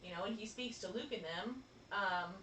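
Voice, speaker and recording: A woman co-hosting a casual chat, animated and laughing often. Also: medium pitch, normal speed, echoey room, distant mic, a little hiss or hum. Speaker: podcast co-host.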